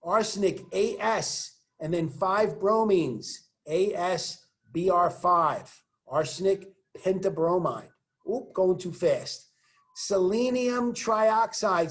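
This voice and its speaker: A man teaching chemistry in a recorded online lesson. He walks through the examples with joking asides and keeps urging students to say the formulas out loud. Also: high-pitched, lively intonation, slow pace. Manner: encouraging, coaching students to say formulas aloud.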